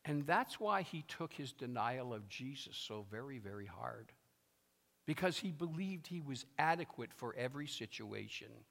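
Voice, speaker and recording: A man's voice: medium pitch, expressive, normal speed, gravelly, a bit bright. A male pastor preaching a sermon, emphatic and fond of repeating his phrases, with a long reverb from a large hall.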